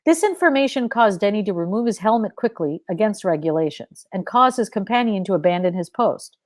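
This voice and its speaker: A woman's voice: mid-range voice, lively intonation, fairly quick, no room sound. Woman reading her fiction aloud, dry sound.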